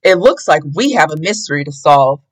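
A woman voicing a confident young male leader of a mystery gang in a storybook read-aloud, calm and take-charge. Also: deep voice, fairly quick, voice pushed down. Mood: steady.

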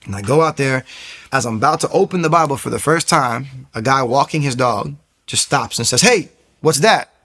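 A man's voice: mid-range voice, a little fast, slightly rough. A man earnestly telling his personal faith testimony, acting out the people in his story. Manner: earnest, acts out quoted people in lively bursts. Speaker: speaker sharing a testimony.

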